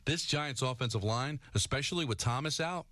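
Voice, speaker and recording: A man co-hosting sports talk radio, blunt and sarcastic, often shouting in a furious rant. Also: medium pitch, normal speed, no room sound.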